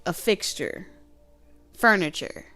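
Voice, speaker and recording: A woman's voice: mid-range voice, slow pace, soft background music. A woman giving a casual tarot reading, chatty and colloquial, laughing often and acting out what people might say. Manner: animated, laughs often, acts out quoted voices. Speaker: tarot reader.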